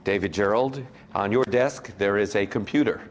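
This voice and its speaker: A menacing male horror-film killer, as a convention speaker puts him on, talking slowly and low over the phone. The voice sits a little deeper than the speaker's own and drags each threat out for effect. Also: natural voice.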